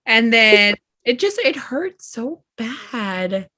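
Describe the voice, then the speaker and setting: Bright-voiced woman cohost gushing about a book, says like a lot, dry close sound. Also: fairly high pitch, extremely slow, no room sound. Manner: animated storytelling with lots of "like". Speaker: podcast co-host. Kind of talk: casual book review chat.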